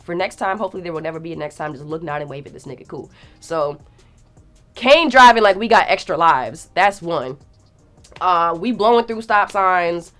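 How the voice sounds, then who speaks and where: A woman's voice: on the low side, normal speed, faint music behind. A young woman telling a story in a casual, slangy way, acting out the quotes with big jumps in her voice. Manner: animated, slangy, acts out quotes. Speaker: guest storyteller.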